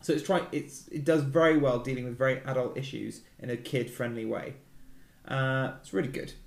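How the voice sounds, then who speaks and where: A man's voice: medium pitch, fairly even intonation, creaky. Teasing man in an echoey room. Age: 30s. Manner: wry, teasing, quick asides. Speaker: podcast host. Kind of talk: casual film chat. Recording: roomy echo.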